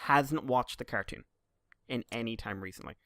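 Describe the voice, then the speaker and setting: A man's voice: medium pitch, normal speed, no room sound, studio quality. A man co-hosting a podcast, chatting loosely and joking around. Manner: joking, loose, with bursts of loud silly voices. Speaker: podcast co-host. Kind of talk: casual chat.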